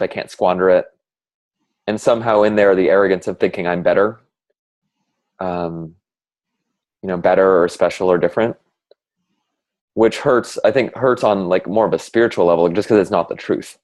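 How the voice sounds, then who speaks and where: A man in a casual heartfelt conversation, speaking reflectively and haltingly with many fillers. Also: low voice, fairly even intonation, darkish tone. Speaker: conversation partner sharing reflections.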